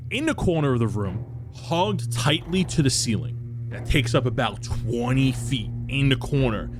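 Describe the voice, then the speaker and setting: A man narrating a tabletop game as game master, describing scenes in a slow, drawn-out way. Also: medium pitch, expressive. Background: background music.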